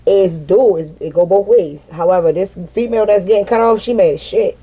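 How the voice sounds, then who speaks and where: A woman's voice: medium pitch, brisk, warm tone, breathy edge, low-quality recording. A woman doing a casual tarot reading for viewers. She talks bluntly, swears freely, leans on "like" as filler and keeps asking her audience if they follow. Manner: blunt and profane, heavy on "like" fillers; talks directly to viewers, often asks "you feel what I'm saying?". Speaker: tarot reader.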